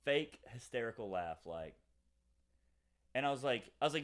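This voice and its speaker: Fast-talking young man telling a story. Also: mid-range voice. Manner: rambling, fast, many fillers and acted quotes. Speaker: podcast co-host. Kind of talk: casual storytelling chat.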